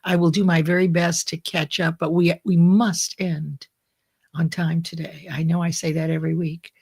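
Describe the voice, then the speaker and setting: A woman's voice: lowish voice, level tone, moderate pace, vocal fry, a little mellow, slightly rough. A middle-aged woman hosting a live online study group, chatting and greeting viewers by name, laughing at her own slips. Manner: laughs at herself, corrects slips. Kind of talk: casual live-stream greeting.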